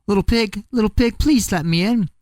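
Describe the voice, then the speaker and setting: A man's voice: sits high, normal speed, a little mellow, no room sound, studio quality, pitched above the performer's own voice, natural voice. A man voicing a hungry, not very smart male wolf who sweet-talks in a raised, wheedling voice.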